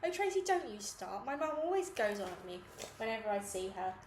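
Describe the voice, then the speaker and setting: A woman's voice: medium pitch, very animated, brisk, lightly acted. A woman voicing a kind, flustered grown woman, fussing and apologetic. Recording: echoey room with faint noise.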